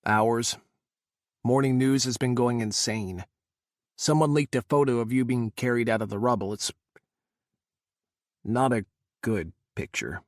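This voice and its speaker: A man voicing an exhausted male Secret Service agent, speaking low, measured and somber. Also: no room sound, studio quality, lightly acted. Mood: grim.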